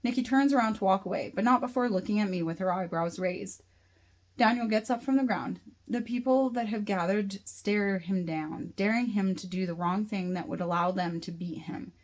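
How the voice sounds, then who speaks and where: A woman author narrating her own novel in the first person, in a plain, steady reading voice. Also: medium pitch, moderate pace, poor audio.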